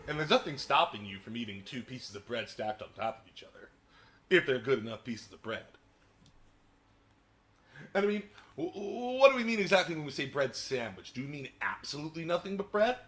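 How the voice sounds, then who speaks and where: A man streaming a racing game, commenting casually, swearing often and breaking into yelps and shouts. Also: mid-range voice, fairly quick. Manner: excitable, swears a lot, bursts into yelps and shouts. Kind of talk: live gameplay commentary. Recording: noisy game stream audio.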